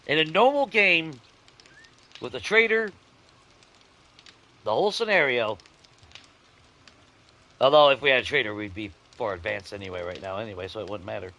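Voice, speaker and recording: Animated, bright-voiced gaming host. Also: male voice, medium pitch, moderate pace, gravelly, pauses often. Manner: chatty, profane, swings between grumbling and giddy excitement. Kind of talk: casual let's-play commentary to viewers.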